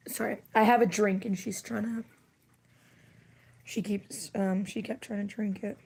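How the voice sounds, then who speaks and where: Croaky woman coming down with a cold. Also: medium pitch, fairly even intonation, takes it slowly, long pauses, a little mellow. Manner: rambling, wry, filler-heavy. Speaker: livestreamer. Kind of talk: casual livestream chat.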